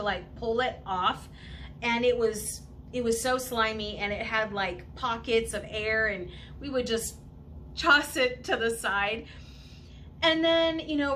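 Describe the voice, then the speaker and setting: A woman host telling a childhood beach story in a casual, animated way, laughing often. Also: a little high, a little hiss or hum. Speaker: channel host.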